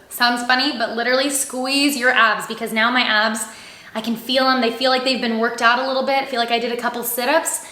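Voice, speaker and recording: A woman's voice: fairly high pitch, a little fast, bright, forceful tone. A young woman teaching a singing lesson, upbeat and encouraging as she demonstrates exercises and keeps checking in with her students. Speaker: vocal coach. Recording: echoey room.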